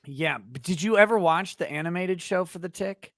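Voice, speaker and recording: Casual, laughing stream host. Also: male voice, high voice, moderate pace, a bit bright, no echo, clean studio sound. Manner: casual, laughing, reads out chat comments. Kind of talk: live-stream interview chat.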